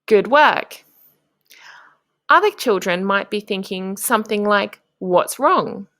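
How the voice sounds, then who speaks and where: A woman, a primary teacher, talks young children through a lesson. Her pace is unhurried and her pitch swoops up and down in a sing-song way. The voice-over is close and dry, with no room sound. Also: animated, fairly bright tone, dry recording. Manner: slow, sing-song and encouraging, with clear prompts to the class. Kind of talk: instructional narration for young children.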